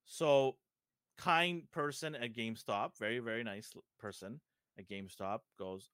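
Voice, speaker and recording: A man's voice: lowish voice, moderate pace, no room sound, studio quality. A middle-aged man from Fiji co-hosting a podcast, chatting casually and acting out the people in his stories. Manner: animated storyteller, acts out dialogue. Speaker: podcast co-host. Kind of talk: casual chat.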